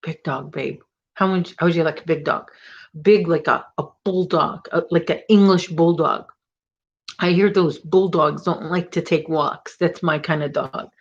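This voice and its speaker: A woman's voice: low-pitched, steady tone, moderate pace, lo-fi sound. A woman hosting a crochet livestream, chatting casually and rambling with viewers, full of "like" and "oh my gosh". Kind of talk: casual chat with live viewers.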